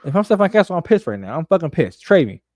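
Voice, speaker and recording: A man's voice: a little high, big pitch swings, racing, a little mellow, dry recording. A young man co-hosting a sports podcast, talking emphatically and profanely in casual chat. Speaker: podcast co-host.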